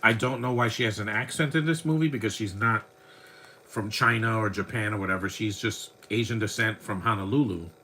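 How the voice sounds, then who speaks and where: Bright-voiced chatty man. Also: lowish voice, a little fast, a little hiss or hum, low-quality recording. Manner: rambling, chatty fan talk. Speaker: podcast host. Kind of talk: casual movie watch-along commentary.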